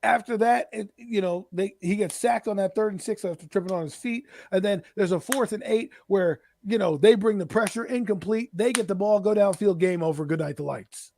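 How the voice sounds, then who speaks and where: A man's voice: sits high, a little fast, creaky, hardly any pauses, darkish tone, slight background noise. A man ranting as co-host of a fan podcast, fired up and sarcastic.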